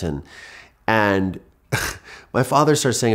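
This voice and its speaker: A man's voice: fairly low pitch, lively intonation, slow, long pauses, a bit bright. A man from Ohio earnestly retells a personal story in vivid detail, often restarting his sentences. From Ohio, USA. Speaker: guest.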